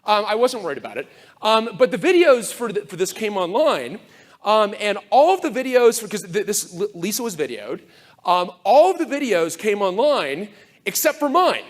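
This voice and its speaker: A man giving a conference talk to a live audience, sardonic and animated, full of fast asides and mock quotes. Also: sits high. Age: older. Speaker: conference speaker.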